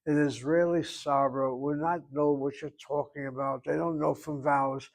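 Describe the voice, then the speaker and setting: A man's voice: fairly high pitch, flat delivery, normal speed, creaky, low-quality recording. Opinionated male Hebrew teacher explaining grammar. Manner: emphatic, opinionated, explains step by step. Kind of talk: classroom grammar lesson.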